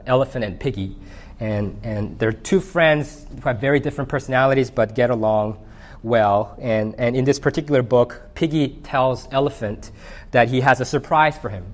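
A man preaching a sermon, reading scripture and retelling a children's story with animated character voices. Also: mid-range voice. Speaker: pastor.

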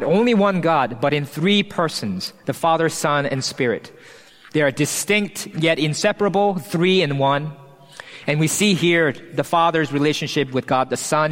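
A male pastor preaching a sermon in an earnest, emphatic way, slowing down and pausing to stress key phrases. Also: medium pitch, big-room sound. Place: church hall.

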